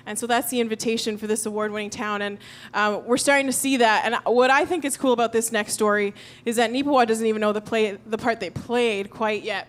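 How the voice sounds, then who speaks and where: A woman speaking in a church service, telling a story with lively, animated delivery. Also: a little high. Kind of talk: sermon storytelling. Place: church auditorium.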